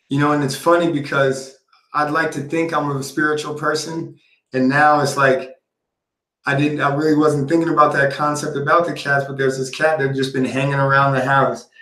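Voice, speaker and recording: Man, stream host, mid pitch, laid-back rambling, echoey room. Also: a bit bright. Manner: laid-back, meandering, lots of ums. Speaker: livestream host reacting to a video. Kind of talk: casual rambling chat.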